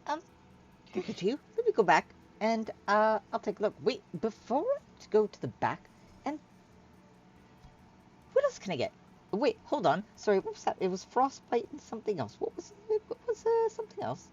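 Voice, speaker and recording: Squeaky, fussy gnome shopkeeper lady, played by a woman, swooping and lively, muffled recording. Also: moderate pace, slight background noise. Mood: flustered eager. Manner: fussy, flustered, repeats herself. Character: excitable high-voiced female gnome shopkeeper.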